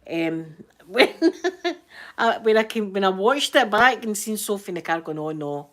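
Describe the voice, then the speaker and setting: A woman's voice: medium pitch, normal speed, fairly bright tone. A Scottish woman hosting a casual live chat with her viewers, telling funny stories, laughing often and acting out what people said. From Scotland. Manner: chatty storyteller, laughs often, acts out quoted voices. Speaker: livestream host chatting to viewers.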